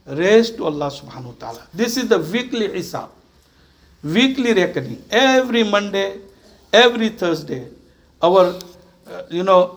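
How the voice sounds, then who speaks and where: A man preaching an earnest sermon to his congregation. He exhorts his listeners and repeats phrases for emphasis. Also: high voice. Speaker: imam.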